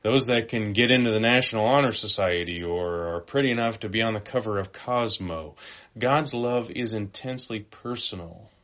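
A man preaching a sermon, animated, swinging between loud emphatic phrases and quiet, slowed lines. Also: lowish voice. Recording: dull, lo-fi sound.

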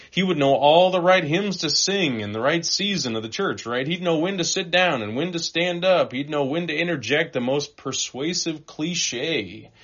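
A man preaching a sermon, animated, swinging between loud emphatic phrases and quiet, slowed lines. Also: a little high, slightly rough. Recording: dull, lo-fi sound.

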